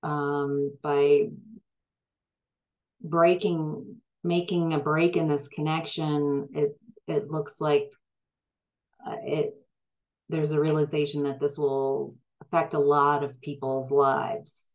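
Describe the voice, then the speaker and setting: A woman's voice: sits low, flat delivery, slow pace, rough recording. A woman giving a tarot reading, hesitant and full of fillers and restarts, growing emphatic at times. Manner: gets emphatic when frustrated. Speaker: tarot reader.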